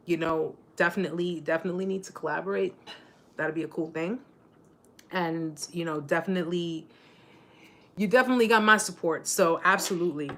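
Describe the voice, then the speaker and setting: A woman's voice: on the low side, a bit bright, slight background noise. A woman in her forties hosting a casual live-stream chat, bubbly and joking, laughing often. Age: 40s.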